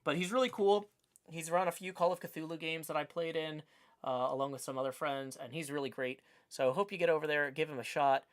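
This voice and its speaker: This livestream host, a Tennessee man with a Southern US accent, talks a little fast in a slightly high voice. He chats casually and rambles, leaning heavily on filler words.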